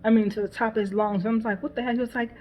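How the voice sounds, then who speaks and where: A woman's voice: fairly high pitch, fairly even intonation, racing, dark tone, a little hiss or hum. A woman talking as a mother in a casual personal vlog, emotional and repetitive, swearing and laughing bitterly as she talks things through. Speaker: mother venting on her channel. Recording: dull lo-fi sound.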